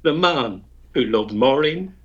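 A man's voice: mid-range voice, lively intonation, takes it slowly, fairly bright tone, slightly rough, highs cut off. Northern Irish man reciting over the phone. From Tyrone, Northern Ireland. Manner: storytelling, chuckling between lines. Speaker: guest poet. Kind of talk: phone-in chat and rhymed poem recitation.

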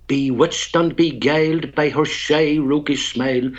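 A man's voice: fairly high pitch, fairly even intonation, measured pace, highs cut off. A man from Tyrone with a Northern Irish accent, a guest poet who tells stories and recites a rhymed poem, chuckling between lines. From Tyrone, Northern Ireland.

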